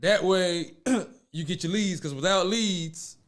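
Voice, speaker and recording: A man's voice: sits high, takes it slowly. A man hosting a casual podcast, telling stories animatedly, acting out voices and laughing often. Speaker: podcast host.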